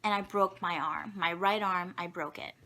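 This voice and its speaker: A woman's voice: lowish voice, normal speed, pushed and bright. A young woman telling childhood stories to camera in a chatty, rambling, self-mocking way. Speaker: vlogger. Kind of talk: casual storytelling to camera.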